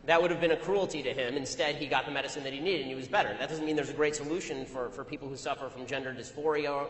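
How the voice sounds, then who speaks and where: A man speaks fast and pointedly, in a slightly raised voice, stringing a combative anecdote together without pause. The sound is roomy, with a long hall reverb trailing each phrase. It comes across as a live talk captured in a large venue. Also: on the high side, fairly even intonation, a bit bright. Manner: rapid, argumentative storytelling. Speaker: public speaker. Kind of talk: anecdotal speech to an audience.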